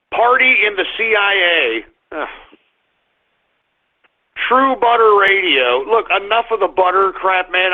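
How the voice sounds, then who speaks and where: Guy hosting a call-in radio show, blustery and exasperated, high-ish voice. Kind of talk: live call-in radio rant. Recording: tinny phone-like sound.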